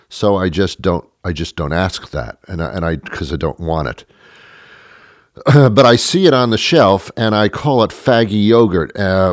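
A man's voice: lowish voice, no echo, clean studio sound. A man giving a rambling, sarcastic comedic rant to the camera, stammering through restarts.

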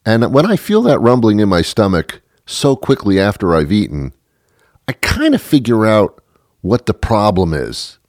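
Deep-voiced man ranting sarcastically. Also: very animated, moderate pace, a little mellow, no echo, clean studio sound. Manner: rambling, sarcastic, self-mocking rants. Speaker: podcast host. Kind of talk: comedic monologue.

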